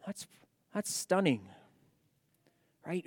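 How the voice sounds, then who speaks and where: Male pastor, sermon, lively rhetorical questions, smooth resonant voice, long church reverb. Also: high voice, measured pace, long pauses. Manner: animated preaching with rhetorical questions.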